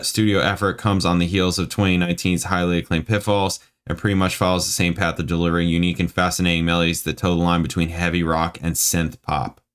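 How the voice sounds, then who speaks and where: A man's voice: low voice, a bit bright, smooth. A man hosting a music reaction, talking casually and bluntly and reading text aloud between comments.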